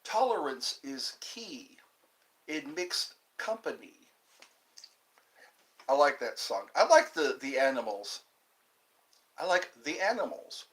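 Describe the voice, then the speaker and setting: A man's voice: fairly high pitch, very animated, slow pace, pauses often, a bit bright. A man hosting a casual livestream, meandering between topics and reading viewer comments aloud before answering them. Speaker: livestream host reading chat. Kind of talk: casual rambling chat.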